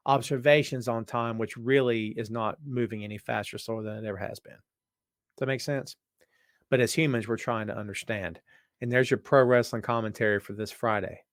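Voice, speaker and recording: A man hosts a live stream at an easy conversational pitch, his voice worn and tired. He rambles and jokes straight at his viewers, and the sound is dry and close. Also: no echo. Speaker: podcast host. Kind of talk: casual live-stream chat. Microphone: webcam setup.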